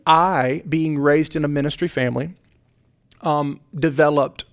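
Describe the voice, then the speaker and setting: A man's voice: a little high, steady tone, a little slow. A middle-aged man, a pastor and podcast host, talking earnestly in a heartfelt conversation and repeating points with preacherly emphasis.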